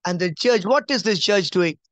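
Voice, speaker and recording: A man giving a conversational Bible teaching, emphatic, repeating key phrases and dropping to a soft, low voice. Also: expressive, normal speed, no echo. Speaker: preacher.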